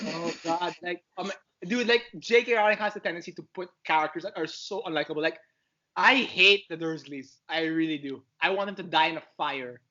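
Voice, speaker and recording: A man chatting as a podcast guest in an excitable, rambling, fannish way. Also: on the high side, fairly quick, dull audio. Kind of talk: casual chat.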